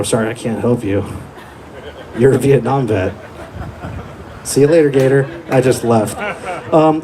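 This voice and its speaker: A man's voice: mid-range voice, mellow. Profane young man doing stand-up. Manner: crude, profane, laid-back storytelling. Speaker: stand-up comedian. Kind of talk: stand-up comedy set. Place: small comedy club. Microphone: handheld mic.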